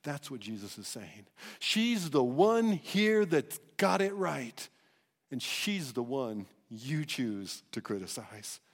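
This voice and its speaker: A man preaching a sermon as pastor, emphatic and animated, often restarting his phrases. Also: medium pitch, slow, long reverb tail. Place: church sanctuary.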